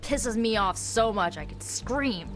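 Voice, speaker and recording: A woman's voice: on the high side, lively intonation, a little slow. An actress playing a blunt, sarcastic young woman hero who vents her frustration in a video game. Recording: game audio with music.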